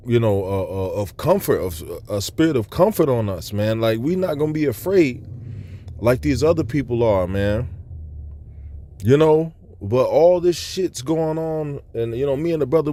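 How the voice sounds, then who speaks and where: A man's voice: medium pitch, animated, normal speed, warm tone. A man telling a religious testimony about a vision in a loose, rambling, earnest way, with many asides. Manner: loose, rambling storytelling full of "you know" asides. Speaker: person sharing a religious testimony. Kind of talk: personal testimony recounting a vision.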